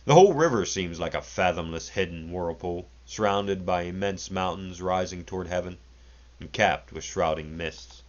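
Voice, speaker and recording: A man reading a classic story aloud in a measured, deliberate way. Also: low-pitched, lo-fi sound. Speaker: narrator.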